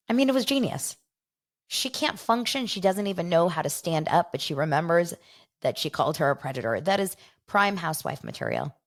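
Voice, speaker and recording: A woman's voice: lowish voice, lively intonation, normal speed. A woman hosting a casual show, rambling through gossipy commentary and laughing often. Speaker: host.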